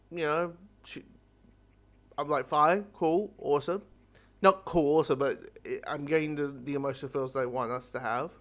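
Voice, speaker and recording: A man giving a casual spoken review of a TV episode, rambling and excitable and swearing freely. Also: a little high. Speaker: TV show reviewer.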